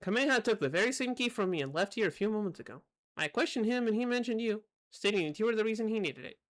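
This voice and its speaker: A woman voicing a stately older male king, lowering her voice to sound like a man. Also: animated, fast talker, lightly acted. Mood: regal. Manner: lowered voice, trying to sound manly.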